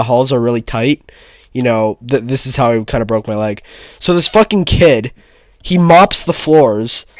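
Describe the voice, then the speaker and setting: A man's voice: fairly high pitch, no room sound, clean studio sound. A man in casual chat, telling a story with a lot of cursing and heat. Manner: profane, heated storytelling.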